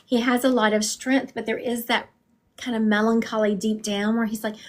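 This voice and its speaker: A woman's voice: on the high side, steady tone, a little fast. A woman, chatting casually to viewers on a livestream as she gives psychic readings from home. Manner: chatty, warm-hearted, talks straight to viewers.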